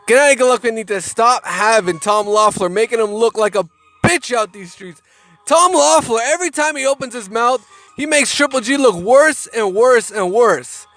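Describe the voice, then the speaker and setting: A man's voice: very high voice, fairly bright tone, no room sound. A man giving heated, profane boxing commentary, often repeating words as he gets worked up. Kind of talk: casual ranting commentary.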